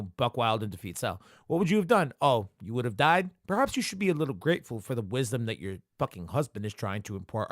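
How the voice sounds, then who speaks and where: A man's voice: mid-range voice, no room sound, studio quality. Casual, foul-mouthed man hosting a podcast. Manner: profane, jokey, rambling commentary. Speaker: podcast host. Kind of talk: casual solo podcast recap.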